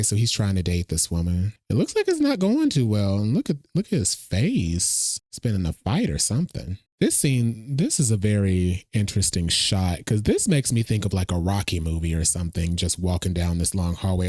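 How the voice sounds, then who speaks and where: A man's voice: low voice, a little mellow, no room sound, clean studio sound. A man casually reacting to a movie trailer, thinking aloud and talking to his viewers. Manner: chatty, thinks aloud, addresses viewers as y'all.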